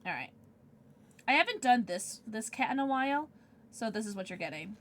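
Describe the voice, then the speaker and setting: A bright, high-pitched young woman streaming live and chatting with her viewers. Her voice swoops all over as she gets giddy and emotional, squealing and laughing between lines. It is casual, excitable livestream talk. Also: moderate pace.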